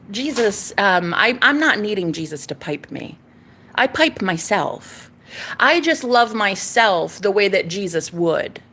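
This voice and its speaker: A woman's voice: mid-range voice, fairly bright tone. A woman in her thirties ranting in a casual monologue, sassy, emphatic and full of swearing. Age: 30s.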